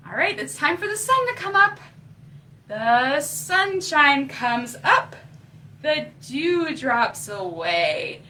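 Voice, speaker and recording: Librarian lady doing kids story time, slow and singsongy, high voice, a bit far from the mic. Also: very animated, bright, forceful tone. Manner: slow, sing-song, encouraging. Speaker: children's librarian. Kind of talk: children's story time reading. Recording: faint room noise, voice from off-mic.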